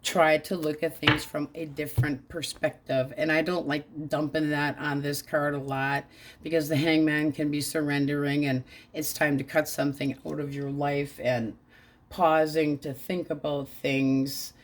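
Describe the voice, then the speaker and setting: A woman's voice: deep voice, little pitch movement, unhurried. A woman giving a casual tarot reading, talking bluntly and crudely in a frank, offhand way. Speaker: tarot reader.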